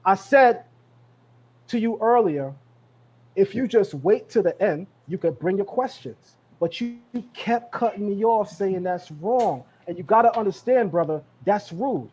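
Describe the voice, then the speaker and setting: A high-voiced man holds the floor on a live podcast and hammers his points home through repetition. His tone is confrontational and insistent. The call audio sounds dull and lo-fi. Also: lively intonation, measured pace, darkish tone, husky. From Brooklyn, New York. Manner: emphatic, repeats phrases, confrontational. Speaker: guest speaker. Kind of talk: heated live podcast talk.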